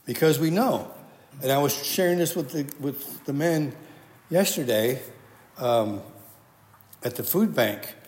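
A man's voice: medium pitch, lively intonation, a little slow, pauses often, darkish tone. A man giving a conversational sermon, quoting scripture and often restarting his sentences. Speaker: preacher. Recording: echoey hall with long reverb.

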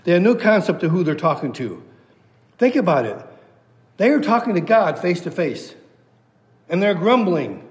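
Emphatic preacher with hall reverb. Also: male voice, high-pitched, sing-song, moderate pace, pauses often. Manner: emphatic, repetitive, reads scripture aloud. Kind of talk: expository sermon.

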